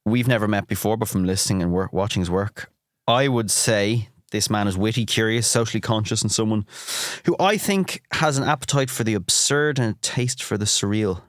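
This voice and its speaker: A man's voice: fairly low pitch, brisk, hardly any pauses, no room sound, clean studio sound. An Irish chef in young adulthood hosting a casual food podcast, easygoing and teasing as he asks curious questions. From Ireland.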